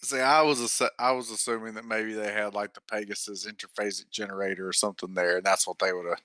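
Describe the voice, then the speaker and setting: A man's voice: on the low side, fairly even intonation, fast, pushed and bright, dry recording. A man co-hosting a podcast, chatting casually with wry asides. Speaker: podcast co-host. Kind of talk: casual chat.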